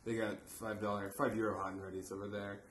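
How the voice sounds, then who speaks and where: A man's voice: fairly low pitch, little pitch movement, quick pace. A man co-hosting a casual podcast, joking crudely and laughing often. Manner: loose, crude and laughing, with sudden bursts of loud delivery. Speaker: podcast co-host. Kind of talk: casual joking chat among friends. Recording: echoey room with faint hiss.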